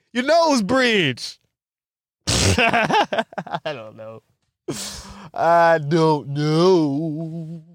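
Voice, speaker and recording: High-voiced young man, profane rambling. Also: dry recording, studio quality. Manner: profane, laughing, animated storytelling. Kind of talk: casual rambling monologue.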